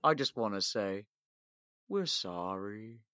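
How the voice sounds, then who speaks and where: A man putting on the voice of a smug male oil company boss in a parody apology video, slow and low. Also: lively intonation, bright, forceful tone, dry recording, full character voice. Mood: mock contrite.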